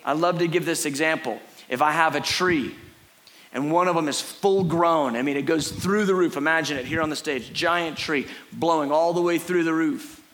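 A middle-aged man preaching a sermon on a church stage, animated and earnest, acting out little scenes for his listeners. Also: normal speed. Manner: animated, acts out a frantic crowd in a high put-on voice. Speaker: pastor. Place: church stage before a congregation.

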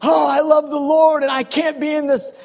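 A man voicing an adoring King David, shouting eagerly about building a house for God. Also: extremely high pitch, level tone, normal speed, gravelly, voice pushed up. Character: adoring, excited King David, male adult.

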